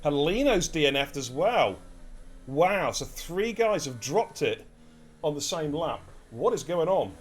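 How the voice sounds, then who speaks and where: A man giving live commentary on an online racing league, excitable and chatty, talking straight to his viewers. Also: a little high, unhurried, a little hiss or hum. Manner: excitable, chatty, addresses chat directly. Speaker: race commentator and streamer. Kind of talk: live esports race commentary.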